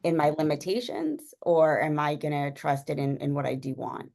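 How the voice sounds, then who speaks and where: Low, gravelly woman rambling through a story. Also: fairly even intonation, moderate pace, darkish tone. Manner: rambling, many fillers, laughs often. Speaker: guest sharing a personal story. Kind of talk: casual storytelling chat.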